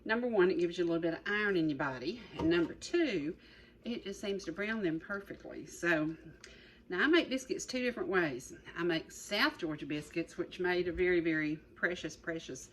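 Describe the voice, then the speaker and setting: A woman's voice: on the low side, normal speed, a bit bright, poor audio. A middle-aged woman hosting a cooking show, chatty and rambling, repeating her words as she demonstrates. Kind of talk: folksy cooking demonstration chat.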